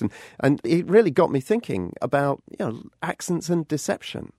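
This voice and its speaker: A British man reporting a radio news feature, chatty and quick to laugh. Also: mid-range voice, lively intonation, a little mellow, no room sound, clean studio sound.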